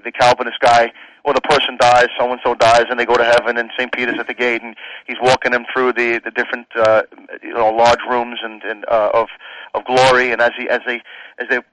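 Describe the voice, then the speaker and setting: A man's voice: mid-range voice, flat delivery, fairly quick, fairly bright tone, slight background noise, poor audio. A man, a pastor appearing as a guest on a radio talk show, speaking earnestly and casually, with frequent fillers and restarts. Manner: earnest, many "you know" fillers and restarts.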